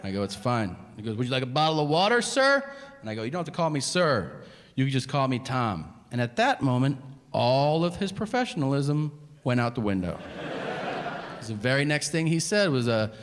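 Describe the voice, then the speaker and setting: A middle-aged man doing stand-up comedy, telling stories and acting out other people's voices in quick impressions. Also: medium pitch, sing-song. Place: comedy venue before a live audience. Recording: live show with a loud laughing audience.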